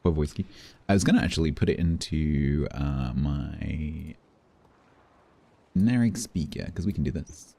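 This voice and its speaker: A man's voice: rumbling low, animated, a little slow, creaky, dark tone, breathy edge. A man streaming a naval war game, chatting casually and thinking aloud as he plays. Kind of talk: casual live-stream commentary.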